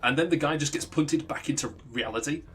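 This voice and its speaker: A man's voice: on the high side, brisk, fairly bright tone. Rambling, profane young man streamer. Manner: rambling, profane, self-interrupting. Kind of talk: casual storytelling on a livestream.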